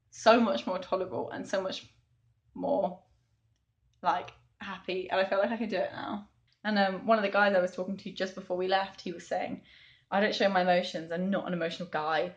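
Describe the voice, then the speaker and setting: A woman's voice: on the low side, lo-fi sound. A young woman chatting candidly in a video diary about her weeks abroad, laughing now and then and using lots of "like" and "um". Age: young adult. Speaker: vlogger, language assistant abroad.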